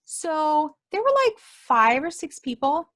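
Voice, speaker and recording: High-pitched woman, casual spoken testimony, animated, acts out the quoted voices. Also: slow. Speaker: storyteller sharing a personal testimony.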